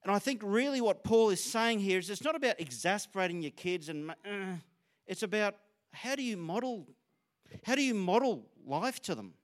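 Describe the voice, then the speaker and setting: A man's voice: sits high, lively intonation, normal speed. A middle-aged Australian man preaching a sermon in a conversational, storytelling way, sharing stories about himself. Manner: conversational, storytelling, self-disclosing.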